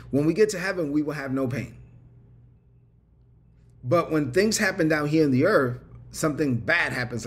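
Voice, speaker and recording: A man preaching a livestreamed sermon with a repetitive, rhythmic cadence, calling on viewers to respond in the chat. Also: medium pitch. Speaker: pastor. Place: online livestream.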